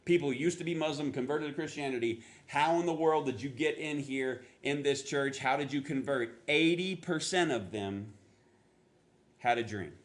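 Speaking at an ordinary pace, a male pastor recounts a story during his sermon in a lively way. Quoted lines get sudden leaps in pitch, and he adds asides that poke fun at himself.

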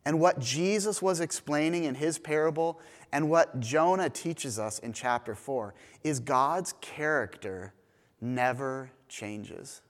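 A man preaching a sermon in a church, retelling a parable in a lively storytelling manner. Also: on the high side, slow pace. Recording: long reverb of a church hall.

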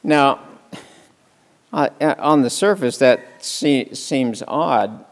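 A man delivers a sermon at a slow, deliberate pace, stressing words for emphasis and putting questions to his listeners. His voice sits at an ordinary pitch and carries a long hall reverb. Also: expressive. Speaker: pastor.

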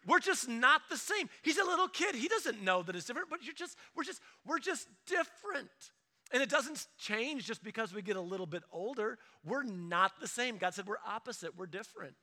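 A man preaching a sermon in a lively, conversational way, acting out stories from family life. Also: very high-pitched, brisk. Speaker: pastor. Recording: echoey hall reverb.

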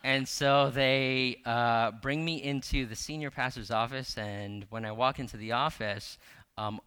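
Male pastor in his thirties, bright and forward tone, chatty sermon storytelling, lots of "um" and asides. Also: mid-range voice. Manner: conversational, many fillers and repeated words, asks the congregation questions.

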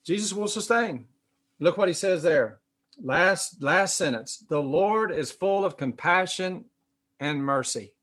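A man's voice: high voice, animated, a little slow, fairly bright tone. A man preaching a sermon as pastor, emphatic, repeating phrases with fillers and restarts. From United States.

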